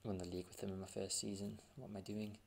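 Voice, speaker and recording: Gravelly low-voiced man musing over gameplay. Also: flat delivery, fast, darkish tone, a little hiss or hum. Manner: thinking aloud, muttering over screen results. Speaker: gaming channel host. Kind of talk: casual gameplay commentary.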